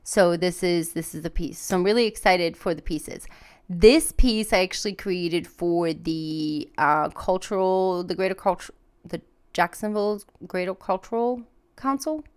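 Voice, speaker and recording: A woman hosting a podcast, telling a personal story in a casual, animated way, full of fillers and restarts. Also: measured pace, clear, resonant tone. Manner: acts out her own panicked voice in high pitch. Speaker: podcast host.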